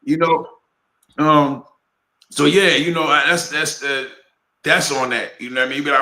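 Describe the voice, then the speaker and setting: A man's voice: fairly high pitch, fairly even intonation, normal speed, long pauses, sharp tone. An older man with grandkids co-hosting a podcast in casual chat, teasing and laughing often. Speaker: podcast co-host. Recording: roomy echo.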